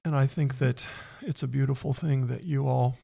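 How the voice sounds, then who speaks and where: A man hosting a faith-based interview chat, earnest and openly emotional, often speeding up when he gets excited. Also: mid-range voice, moderate pace, vocal fry.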